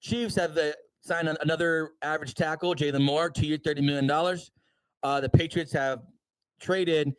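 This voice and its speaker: Slightly high-voiced man running down news. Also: no room sound, poor audio. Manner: rattles through news items with quick offhand asides. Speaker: podcast co-host. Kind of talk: casual sports talk livestream.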